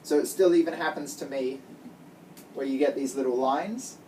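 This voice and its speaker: A woman's voice: extremely low pitch, moderate pace, warm tone, slight background noise. A woman teaching a child guitar one-on-one, giving patient step-by-step instructions and lots of praise. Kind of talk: one-on-one music lesson. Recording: distant mic with guitar playing.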